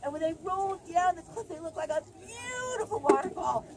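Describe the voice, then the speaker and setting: A woman park ranger giving a spirited storytelling talk to visitors at an outdoor amphitheater, shouting out some lines, recorded by a camera in the audience. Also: extremely high pitch, expressive, fairly quick, a crowd in the background. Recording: noisy outdoor camera audio.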